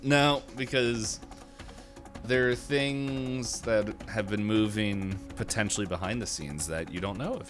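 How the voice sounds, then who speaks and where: A man running a tabletop horror game as game master, chatting casually with his players and laughing often. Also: lowish voice. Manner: laughs often, relaxed and joking. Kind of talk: casual chat and game narration.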